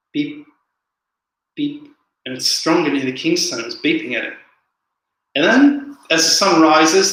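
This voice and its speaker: Male livestream host, rambling chat with viewer questions, bright, slightly high voice, heavy room echo. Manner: rambling, repeats words, answers viewer comments. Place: indoor room, home livestream. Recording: very echoey room.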